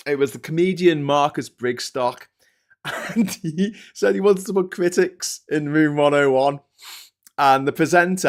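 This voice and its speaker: A middle-aged man with an English accent hosting a casual live-stream, chatty and restless, laughing often as he mocks trolls and critics. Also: fairly high pitch. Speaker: host.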